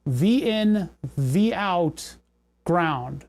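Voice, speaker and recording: A man's voice: high-pitched, animated, drawn-out words, a little mellow. A young man hosting a livestream, talking through electronics troubleshooting, muttering and swearing as things go wrong. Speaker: livestream host. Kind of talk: casual livestream electronics tinkering.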